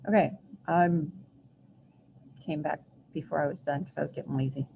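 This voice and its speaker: A woman teaches a recorded math lesson in a low, dark, gravelly voice. She is chatty and self-deprecating and thinks aloud as she works through her drawing. The recording is muffled, with a faint hiss behind her. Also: steady tone, normal speed.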